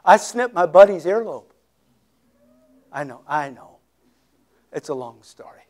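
A man's voice: a little high, lively intonation, unhurried, a little mellow. A male pastor preaching a sermon, telling Bible stories dramatically with folksy, conversational asides. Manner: dramatic storytelling, acting out scenes.

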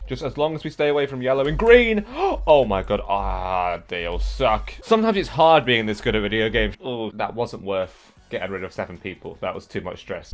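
A young man commentating a game he is playing, excitable, yelping and swearing at other players, then muttering to himself. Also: mid-range voice, moderate pace. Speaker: gaming YouTuber. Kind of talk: let's play commentary.

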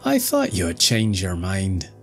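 A man's voice: deep voice, huge pitch swings, slow, faint music behind, heavily acted. A man voicing a cheerful, self-assured ship's doctor with a smug, triumphant way of talking.

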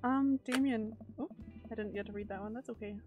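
A woman's voice: on the high side, a little fast, a little mellow, dull audio, faint music behind. A woman from Canada streaming a game, reading its text aloud and adding wry, joking asides. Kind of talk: casual let's-play commentary, reading game text aloud.

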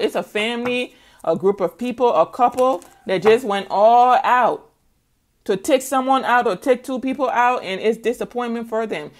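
A woman giving a casual tarot reading, animated and laughing often, with folksy slang and sing-song asides. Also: medium pitch. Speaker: tarot reader.

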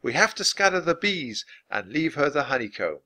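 A man voicing Annie, an eager, cheerful little girl, reading a storybook aloud in a high, bubbly voice. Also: very animated, normal speed, sharp tone, heavily acted. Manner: high, bubbly and sing-song.

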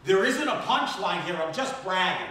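A man in his fifties does stand-up on a stage, with a high, bright voice that leaps around as he tells his jokes. His delivery is animated and self-deprecating. He sounds far from the mic, and the room gives back a strong echo. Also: normal speed, a little hiss or hum. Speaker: stand-up comedian. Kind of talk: stand-up comedy set. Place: stage at a benefit concert in a temple. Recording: echoey room from far off with faint ambience.

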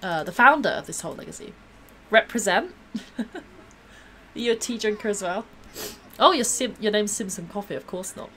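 A woman's voice: mid-range voice, expressive, moderate pace, long pauses, fairly bright tone, a little hiss or hum. A woman gives bubbly, gushing live-stream commentary while she plays a game, gasping and laughing often.

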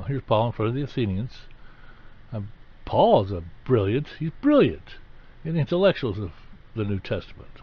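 A man preaching a sermon, teaching in a conversational way and rising to stress key points. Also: on the low side. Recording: slightly dull, lo-fi recording.

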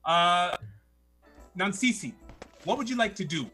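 A man narrating a tabletop game as game master, telling the action in a lively, theatrical way. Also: sits high, a little slow, husky, soft background music.

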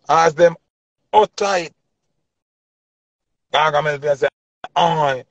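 A man's voice: fairly high pitch, steady tone, moderate pace, vocal fry, no echo, highs cut off. A man with a Jamaican accent giving an impassioned opinion rant in heavy patois, preaching and repeating his points for emphasis. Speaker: commentator.

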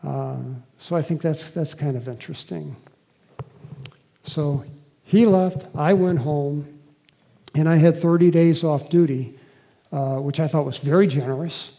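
A man giving a talk and recounting a personal experience in an earnest, halting conversational way, with fillers and restarts. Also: a little high, gravelly, dark tone.

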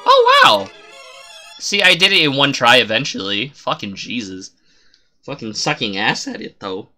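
A man streaming his gameplay live, talking nonstop in a bright, edgy voice that swings up and down. He curses freely and sounds exasperated as he comments on every jump and hit, with faint game music underneath. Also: medium pitch, lively intonation, normal speed. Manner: profane, exasperated running commentary.

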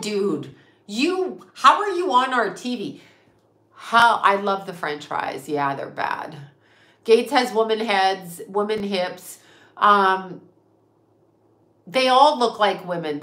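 Woman host, mid-pitched, profane and emphatic rant, echoey room. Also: a bit bright. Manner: profane, emphatic, rhetorical questions. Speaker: psychic medium and channel host. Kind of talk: casual livestream rant. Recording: roomy echo.

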